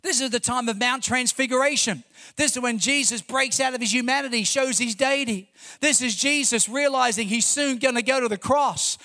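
A man preaches to his church congregation in a strikingly high voice for a man. His tone is bright and forceful. He drives each point home with fervent emphasis and rhetorical questions. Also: normal speed. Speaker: pastor. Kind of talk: sermon.

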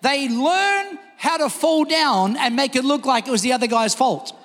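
A man preaching a sermon, telling a story with energy and shouting the quoted lines. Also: very high voice, moderate pace. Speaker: pastor. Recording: long hall reverb.

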